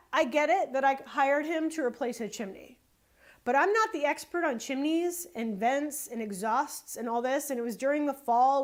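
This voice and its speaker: Brief: woman, higher-pitched, photographer telling a fed-up sales story, emphatic and animated. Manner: animated, exasperated, emphatic repetition. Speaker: photographer and small business owner. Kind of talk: casual storytelling sales advice.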